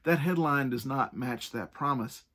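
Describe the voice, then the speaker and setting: A man's voice: mid-range voice, unhurried, fairly bright tone. A man preaching a sermon in a conversational, earnest way, stressing his points and adding casual asides.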